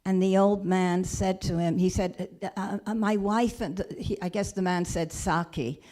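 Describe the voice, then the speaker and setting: A woman minister retelling a story in a sermon, gentle and halting, with frequent restarts. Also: lowish voice, little pitch movement. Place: church or spiritual center.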